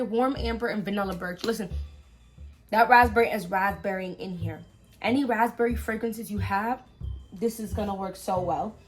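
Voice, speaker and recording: A woman with an American accent, chatting to camera about scents she has bought and talking straight to her viewers. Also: medium pitch. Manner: chatty, animated, talks to viewers directly. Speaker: fragrance vlogger. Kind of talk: casual haul review to camera.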